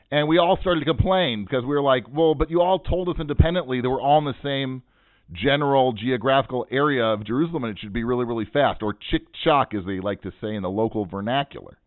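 A financial advisor who hosts a podcast tells a story in a medium-pitched voice, casual, joking and poking fun at himself. The recording is dry and tinny, like a phone, with no room sound.

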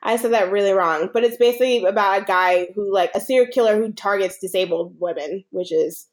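A woman's voice: mid-range voice, brisk. A woman co-hosting a podcast, casually recapping a film, rambling with a lot of "like" and frequent laughter. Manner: rambling, laughs often, heavy use of "like". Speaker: podcast co-host.

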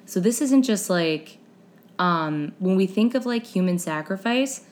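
A woman's voice: mid-range voice, lively intonation, unhurried. A young woman hosting a casual chat podcast, reading history notes aloud with wry asides and stumbling over unfamiliar names. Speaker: podcast host.

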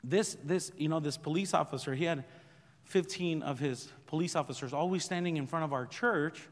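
Animated pastor with high voice, reverberant. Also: male voice, normal speed. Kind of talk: sermon testimony storytelling.

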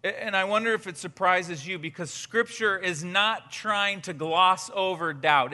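A male pastor preaching a sermon in an animated way, often repeating words as he builds up. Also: sits high, measured pace, hardly any pauses.

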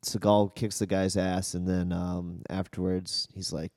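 A man's voice: low voice, little pitch movement, a little slow, darkish tone, dry recording, studio quality. A man in casual podcast chat, telling his version of events in a laid-back way. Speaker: podcast co-host.

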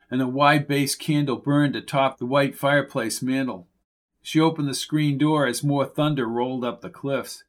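Man narrating a suspense audiobook. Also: medium pitch. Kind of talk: scripted narration.

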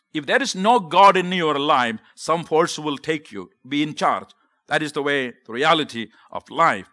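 A man from Kerala in South India with a Kerala accent, preaching a sermon and sharing his testimony in an earnest, emphatic way, pausing often. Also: a little high, pushed and bright. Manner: earnest, emphatic, with frequent pauses and fillers.

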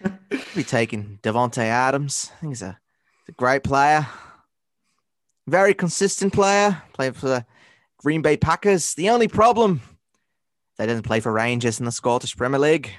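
A man co-hosting a casual sports podcast, chatting and breaking into loud commentator and accent impressions. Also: medium pitch, animated, moderate pace, dry recording, studio quality. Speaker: podcast co-host.

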